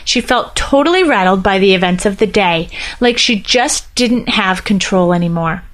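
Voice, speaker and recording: A woman's voice: expressive, normal speed. A woman reading a short story aloud, lightly lifting her voice for the characters' dialogue. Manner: reads all characters lightly, with small pitch lifts for dialogue. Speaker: narrator. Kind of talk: scripted narration.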